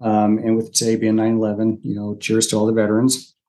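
A man's voice: lowish voice, fairly quick. A man in his forties, a podcast guest, telling a story in casual conversation and acting out the quotes. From Utah. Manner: animated, chatty storyteller who acts out quotes.

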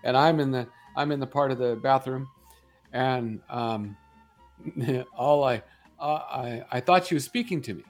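A man's voice: mid-range voice, a little slow, faint music behind. A middle-aged man co-hosting a morning show, telling rambling comic stories, laughing often and acting out voices. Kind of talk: casual comedic chat.

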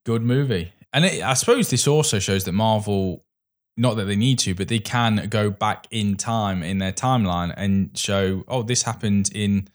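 Rambling man, low voice. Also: moderate pace. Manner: rambling, many restarts and fillers. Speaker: podcast co-host. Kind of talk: casual film chat.

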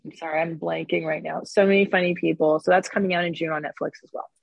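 A woman's voice: sits low, fairly even intonation, fast, gravelly, husky, no room sound, rough recording. A woman comedian from Canada chatting as a guest in an interview, joking and sarcastic. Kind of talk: casual interview chat.

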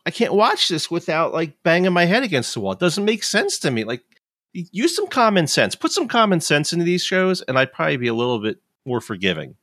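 A man's voice: fairly high pitch, big pitch swings, a little fast, fairly bright tone, no echo, studio quality. A man in his fifties, chatting casually and ranting in frustration, swearing freely. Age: 50s. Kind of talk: casual chat.

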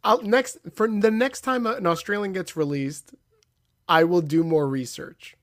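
A man co-hosting a casual chat show over a video call, excitable and quick to laugh, swearing freely. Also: high voice. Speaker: podcast co-host.

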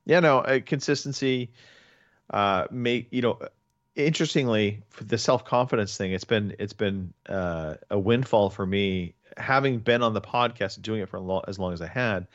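Low-voiced man rambling on a podcast. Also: normal speed, no echo, lo-fi sound. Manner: rambling, restarts often. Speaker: podcast host. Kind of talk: casual chat.

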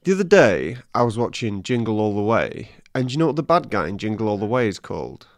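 A man's voice: fairly low pitch, very animated, quick pace, no echo, clean studio sound. Playful man in casual banter. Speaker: podcast co-host. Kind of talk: casual chat.

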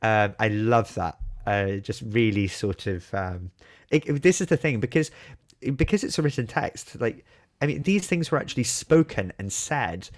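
A man co-hosting a podcast in casual chat, playful and animated, acting out quotes as he talks. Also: fairly low pitch, moderate pace. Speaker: podcast co-host.

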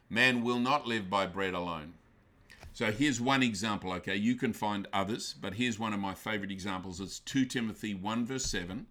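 A male pastor preaching a sermon emphatically, swinging from loud bursts down to quiet, intense lines. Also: on the low side.

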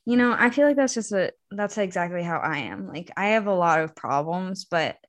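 A young woman in her twenties co-hosting a podcast, adding quick joking comments and laughing often. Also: on the low side, animated. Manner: giggly, quick joking interjections. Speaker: podcast co-host. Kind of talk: casual chat.

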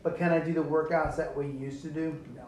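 A man's voice: a little high, little pitch movement, brisk, a little mellow. A man in his forties, a SWAT officer guest, speaking reflectively in a casual chat with some dry teasing. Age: 40s. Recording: roomy echo, faint background noise.

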